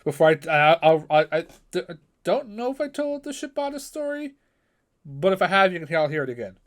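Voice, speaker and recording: A man, co-hosting a podcast in casual chat, animated and swearing freely as he talks. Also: high voice, a little fast. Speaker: podcast co-host.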